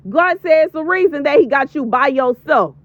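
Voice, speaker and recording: Her voice sits high with lively intonation at normal speed, with no room sound. A prophetic video creator in her thirties, she voices an emphatic, preachy warning, repeating lines for emphasis, in a dull lo-fi recording.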